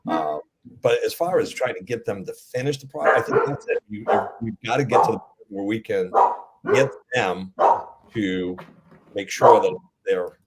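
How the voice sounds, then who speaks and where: A man's voice: lowish voice, lively intonation, normal speed, heavy background noise. A man, a coaching guest on a panel, answering casually with hesitant fillers and restarts.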